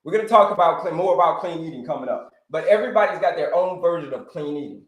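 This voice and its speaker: Animated male health coach, echoey room. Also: fairly high pitch, fast. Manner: animated, repeats phrases, addresses viewers as folks. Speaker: health coach hosting a live stream. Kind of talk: energetic live-stream coaching talk.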